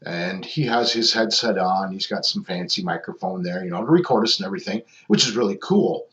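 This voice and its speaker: Brief: low-pitched male paranormal investigator, rambling casual narration, echoey muffled recording. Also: expressive, a little fast, a bit bright. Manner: rambling, many ums and restarts. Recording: echoey, dull lo-fi sound.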